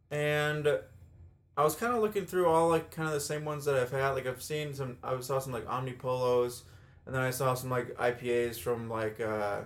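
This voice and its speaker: A man co-hosting a podcast, chatting casually, rambling and laughing often. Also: medium pitch. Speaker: podcast co-host. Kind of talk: casual chat.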